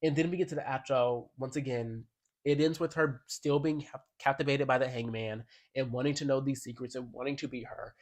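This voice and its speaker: In a casual album review vlog, a music commentator speaks with a medium-pitched, steady voice at a slightly fast clip. He's sassy, slangy and emphatic, and every so often he reads song lyrics aloud.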